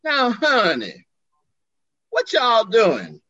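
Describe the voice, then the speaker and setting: A man's voice: very high voice, wildly swooping pitch, very slow, bright, forceful tone, no room sound, highs cut off, voice pushed up, full character voice. A man putting on a sassy drawling Southern queen. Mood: teasing. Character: sassy flamboyant Southern gay man, commanding.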